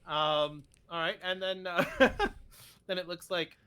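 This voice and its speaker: A co-host on a casual livestreamed podcast, talking in a playful, animated way and laughing often. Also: mid-range voice, takes it slowly, smooth.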